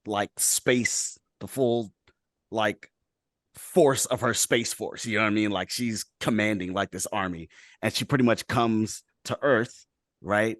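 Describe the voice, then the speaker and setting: A man's voice: fairly low pitch, unhurried, fairly bright tone, dry recording, clean studio sound. A man hosting a casual group chat over a video call, talking loosely and rambling, with lots of "like" and "right?". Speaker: show host.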